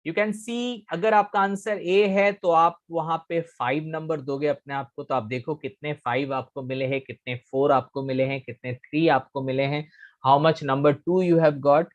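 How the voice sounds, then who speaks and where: A man's voice: fairly high pitch, steady tone, rapid-fire, highs cut off. A middle-aged man with an Indian English accent, teaching a live online communication class and repeating his key phrases, slipping into Hindi at times. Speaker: communication trainer.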